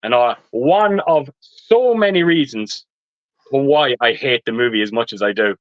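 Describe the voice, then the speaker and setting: A man's voice: medium pitch, animated, moderate pace, dry recording. A man, a guest on a live stream, telling a rambling, apologetic story in casual chat. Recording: dull lo-fi stream audio.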